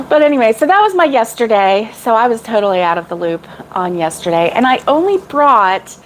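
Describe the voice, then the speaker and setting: A woman's voice: on the high side, very animated, fairly quick, a little hiss or hum, low-quality recording. A middle-aged woman chatting casually with live viewers about crochet, rambling and laughing often. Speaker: crochet vlogger.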